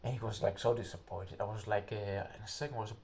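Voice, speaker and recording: A man's voice: lowish voice, vocal fry, slight background noise. A young man, an English speaker, telling a story casually and rambling, searching for words. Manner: rambling, halting, searches for words, acts out quotes loudly.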